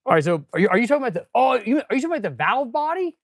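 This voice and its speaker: A man's voice: extremely high pitch, big pitch swings, very fast, dry recording, clean studio sound. Laid-back chatty mechanic guy. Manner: laid-back, chatty, talking to viewers, says "dude" and "man". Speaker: auto mechanic and channel host. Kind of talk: casual live-stream chat while working. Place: auto repair shop.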